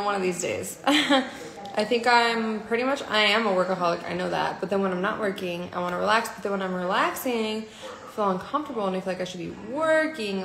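A woman's voice: medium pitch, gravelly, fairly bright tone, reverberant. A young woman hosting a casual phone live stream, tired and blunt, calling viewers darling. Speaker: livestream host.

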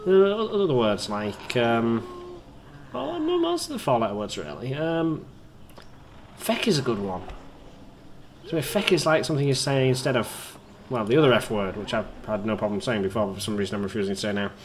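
A man casually commentating on his own gameplay, excitable and rambling, chatting to his viewers as a let's play host. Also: medium pitch, fairly quick, slight background noise. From Britain.

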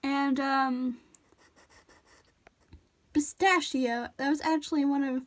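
A woman's voice: sits high, fairly even intonation, slow, long pauses. A woman chatting casually while she draws, rambling off-topic, apologizing and cutting herself off. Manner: rambling, self-interrupting, apologetic. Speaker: drawing tutorial vlogger.

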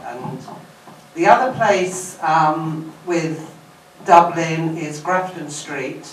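A woman's voice: on the low side, distant mic, slight background noise. Chatty woman on a panel, echoey room. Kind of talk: panel talk.

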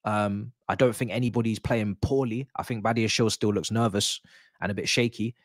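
A man hosting a live football watch-along, chatting excitedly to his viewers as a fan. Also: on the low side, a little fast, dry recording, clean studio sound. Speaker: football fan channel host.

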